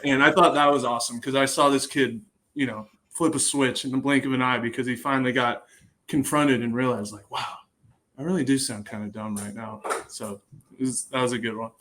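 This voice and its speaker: A young man in a relaxed podcast conversation, spinning lively stories at an easy pace. His voice sits in an ordinary middle pitch, and he often trails off and picks his sentences back up as he goes. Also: fairly quick, rough recording. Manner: lively storytelling, trailing off and restarting. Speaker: guest, bullpen catcher. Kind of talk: casual podcast chat.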